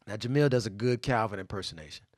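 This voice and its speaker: A man's voice: fairly low pitch, expressive, fast talker, dry recording, clean studio sound. A man co-hosting a podcast, telling a story in loose slang and acting out other people's lines. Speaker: podcast co-host. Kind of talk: casual storytelling chat.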